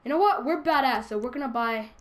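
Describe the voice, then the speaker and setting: Giggly high-voiced young woman gamer. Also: fast. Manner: excitable, giggly, crude and jokey. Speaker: gaming YouTuber. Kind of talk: let's play commentary.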